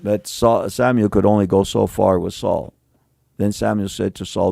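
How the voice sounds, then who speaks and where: A male pastor preaching a conversational sermon, mixing slang with Bible reading and swinging between emphatic and hushed delivery. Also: on the low side, steady tone, normal speed, creaky, dry recording.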